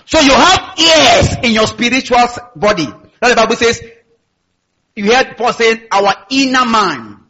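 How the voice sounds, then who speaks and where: A man's voice: very high voice, lively intonation, a little slow, sharp tone, breathy edge, lo-fi sound. A man preaching a sermon in an emphatic style, with call-and-response asides to his congregation. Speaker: pastor.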